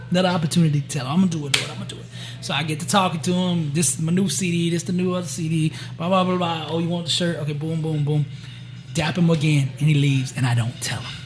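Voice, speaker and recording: A man telling a personal story in a casual, animated way, acting out each quoted exchange and often checking in with his listeners. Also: on the high side. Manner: animated storyteller who acts out the quoted dialogue; frequent "right?" and "you know" to check in with listeners. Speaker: guest sharing a personal testimony.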